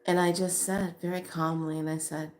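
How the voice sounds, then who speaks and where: A woman vlogger telling a casual story in an animated way, acting out what people said and laughing often. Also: on the low side, normal speed, slight background noise. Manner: animated, acts out quoted voices, laughs often.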